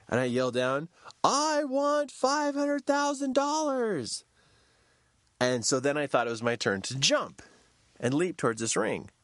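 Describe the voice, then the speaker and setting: A man telling a personal story in a storytelling talk, shouting quoted lines in a high voice. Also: dry recording, clean studio sound.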